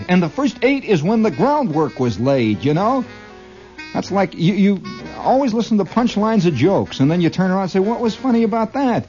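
A man's voice: high-pitched, mellow, highs cut off. A man doing a stammering, argumentative comic monologue. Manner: talkative, argumentative, stammering restarts; chuckles often at his own lines. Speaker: comedian. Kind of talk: comedy monologue, one side of a conversation.

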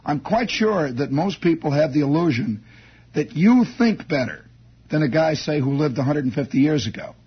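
A man's voice: fairly high pitch, sing-song, normal speed, husky. A man telling a rambling comic story on the radio, wry and meandering, with chuckling asides. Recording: dull lo-fi radio broadcast.

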